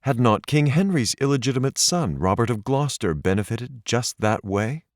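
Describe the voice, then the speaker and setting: Reading from a script, a man narrates an audiobook in a medium-pitched voice, measured yet expressive. The studio-quality audio has no room sound at all.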